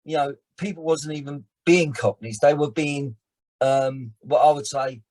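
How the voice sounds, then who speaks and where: A man, chatting as a guest on a podcast, animated and often restarting his sentences. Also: a little high, a little slow. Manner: animated, frequent restarts and repeated words. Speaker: actor and filmmaker guest. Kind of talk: casual podcast chat.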